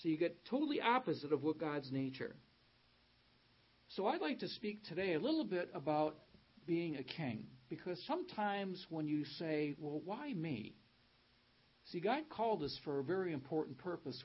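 Emphatic high-voiced man preaching. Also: slightly rough. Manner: emphatic, rising on key words, reads scripture aloud. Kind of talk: sermon. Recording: dull lo-fi sound.

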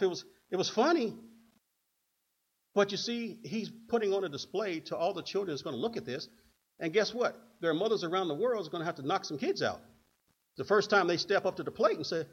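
An older man preaching a sermon in an animated way, acting out stories in other voices. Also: high-pitched, brisk, husky. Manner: animated, acts out quotes in put-on voices. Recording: dull lo-fi recording.

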